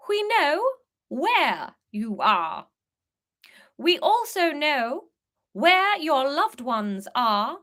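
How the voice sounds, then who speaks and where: A woman's voice: high voice, a bit bright, pitched above the performer's own voice, heavily acted. A woman putting on a menacing posh English thief. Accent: posh English (put on). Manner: slow, haughty, clipped upper-class delivery.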